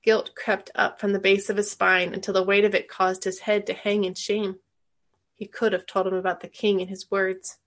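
A woman's voice: medium pitch, level tone. Woman, reading a novel aloud, plain storytelling, stops now and then to explain. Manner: pauses to explain the text to a listener. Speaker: reader.

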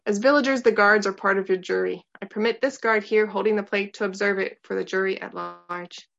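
A woman's voice: mid-range voice, steady tone, fairly quick, vocal fry, a bit bright. A woman voicing a scheming male prosecutor who speaks in a stern, accusing way, on a dull lo-fi recording. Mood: cold.

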